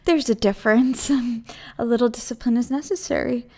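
A woman voicing a possessive, menacing motherly woman in an audio role-play, cooing and breathy. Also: a little high, fairly quick, a little mellow. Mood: soothing menace.

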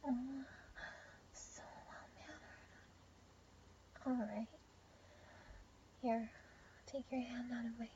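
A young woman in a whispered role-play, speaking in a soft, teasing whisper with breathy murmurs. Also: fairly high pitch, little pitch movement, takes it slowly, long pauses. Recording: dull lo-fi audio with faint background hiss.

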